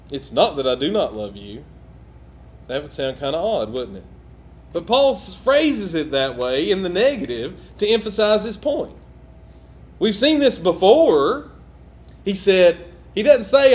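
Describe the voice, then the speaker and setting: A man preaches in a church. His pitch sits high and moves a great deal. He drops into quiet, low asides, then climbs into loud, emphatic repetition. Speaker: pastor. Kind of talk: sermon. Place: church sanctuary.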